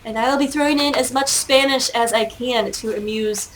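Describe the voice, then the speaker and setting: A woman's voice: fairly high pitch, moderate pace, a little hiss or hum. Chatty woman casting a game match. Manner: chatty, self-mocking, hesitant with many fillers. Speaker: esports caster. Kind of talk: solo play-by-play commentary.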